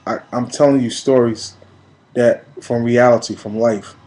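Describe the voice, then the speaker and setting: A man in his late thirties from New York, giving an emphatic, preachy personal video message that swings between quiet and loud. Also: medium pitch, steady tone, unhurried, rough recording. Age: 30s. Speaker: vlogger.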